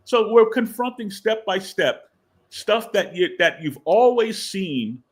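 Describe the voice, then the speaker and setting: A man's voice: high-pitched, big pitch swings, slow. Man animatedly telling a story. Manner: rambling, many fillers, acts out scenes. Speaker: guest comic book writer. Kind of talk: animated storytelling in a podcast interview.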